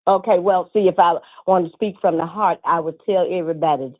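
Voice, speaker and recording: A woman's voice: on the low side, fairly even intonation, brisk. An older woman speaking as a guest on a call, folksy and encouraging, dropping in "uh-huh" and "baby" as she goes. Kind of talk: motivational call-in talk. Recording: tinny phone line.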